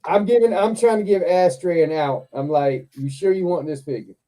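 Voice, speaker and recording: A man's voice: sits high, normal speed, dark tone. A man hosting a live stream, telling a story in a casual chat, laughing often and swearing freely.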